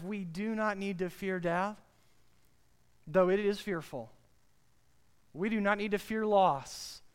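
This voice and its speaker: A man's voice: high voice, clean tone. A male preacher delivering a sermon, emphatic and direct, addressing listeners with rhetorical questions.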